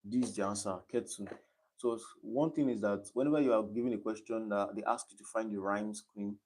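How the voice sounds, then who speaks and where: A man's voice: fairly low pitch, steady tone, fairly quick, darkish tone. A young Nigerian man tutoring exam questions on a live stream, explaining step by step and repeating key points. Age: young adult.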